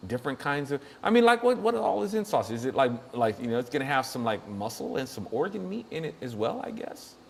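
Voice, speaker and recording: A man's voice: medium pitch, very animated, quick pace, vocal fry, hardly any pauses, a little hiss or hum. A man hosting a show, chatting casually and jokily, rambling and laughing often. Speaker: show host. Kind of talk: casual comedic chat.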